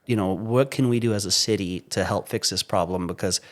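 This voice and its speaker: A man from Vancouver, guesting on a podcast, telling stories in an animated, casual way, swearing freely and laughing as he goes. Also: lowish voice, fairly quick. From Vancouver, Canada. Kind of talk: casual storytelling.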